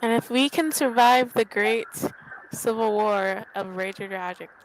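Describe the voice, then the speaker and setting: A woman in a casual book chat with friends, playful and quick to laugh, with faint background noise. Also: on the high side, poor audio. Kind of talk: casual chat on a group video call.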